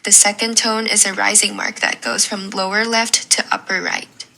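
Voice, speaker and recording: A woman teaching a Mandarin lesson in a slow, clear and encouraging way. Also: medium pitch, fairly even intonation, bright, forceful tone, poor audio. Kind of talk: scripted lesson narration.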